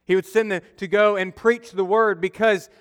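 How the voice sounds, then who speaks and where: A man's voice: high voice, steady tone, normal speed, a bit bright, clear, resonant tone. A young adult man preaching a conversational sermon as a pastor, telling stories and acting out quotes. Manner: conversational, storytelling with acted-out quotes. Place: church sanctuary. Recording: long reverb of a church hall.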